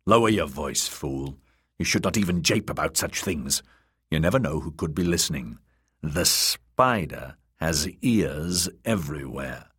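A man's voice: a bass voice, animated, a little slow, a bit bright, husky, no room sound, studio quality, exaggerated voice. A man voicing a stiff young scholar who speaks firmly and corrects others. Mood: stern. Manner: firm, lecturing, anxious. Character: stern, fussy young male scholar.

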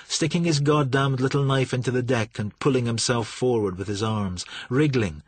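Male narrator, husky, mid-pitch, measured reading, dry booth. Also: no echo. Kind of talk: audiobook narration.

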